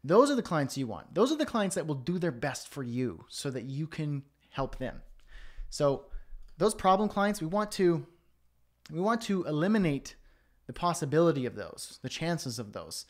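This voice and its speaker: A man's voice: fairly high pitch, big pitch swings, normal speed. A man hosting a freelancing Q&A livestream from his home studio, talking casually with frequent fillers and self-deprecating asides.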